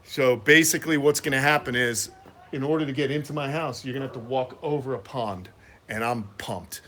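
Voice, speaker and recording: A man's voice: medium pitch, fairly quick, pushed and bright. A man with a runny nose chatting loosely on a live vlog about his tortoises and his house, full of "uh" fillers. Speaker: tortoise breeder and vlogger. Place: at home in Florida, indoors and by the front of his house. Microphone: phone camera, partly in selfie mode.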